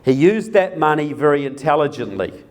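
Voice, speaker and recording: A man's voice: a little high, animated, normal speed. Emphatic man giving a political talk. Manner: emphatic, repeats key words, asks the audience questions. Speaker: political speaker. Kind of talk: live presentation to an audience.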